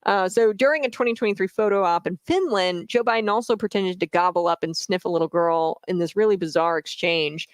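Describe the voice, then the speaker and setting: A man's voice: high-pitched, a little fast, hardly any pauses, no echo. A man hosting a casual political commentary vlog, talking in a sarcastic, mocking way with lots of filler words.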